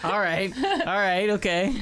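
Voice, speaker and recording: A man's voice: high-pitched, sing-song, unhurried, fairly bright tone. Joking, profane podcast co-host, a man. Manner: joking, profane, laughs often. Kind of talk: casual crude chat.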